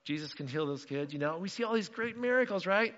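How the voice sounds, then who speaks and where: A man preaching a sermon as pastor, animated and acting out the voices in the story. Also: high-pitched, fast talker, in a large hall, muffled recording. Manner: animated, acts out quotes.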